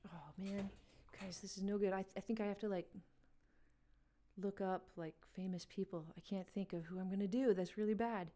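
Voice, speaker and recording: Her medium-pitched voice is warm, with fairly even intonation and a normal speed. She hosts a live music quiz stream, chatting casually with viewers, talking to chat and laughing a lot.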